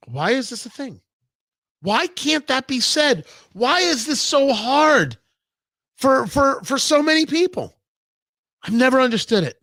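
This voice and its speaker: A man's voice: extremely high pitch, big pitch swings, measured pace, bright, forceful tone, dry recording, clean studio sound. A middle-aged man hosting a talk show, delivering an emphatic, sarcastic monologue and acting out imagined conversations. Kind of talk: opinionated talk radio monologue.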